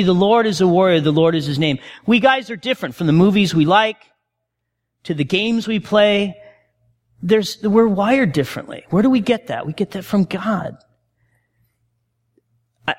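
High-voiced man preaching in a reverberant hall. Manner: conversational, calls out to the congregation. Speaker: pastor. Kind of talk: sermon.

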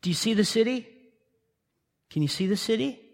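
A man's voice: high-pitched, lively intonation, moderate pace, creaky. A man preaching a sermon with impassioned storytelling and repeated rhetorical questions, recorded in a church sanctuary. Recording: long reverb of a large hall.

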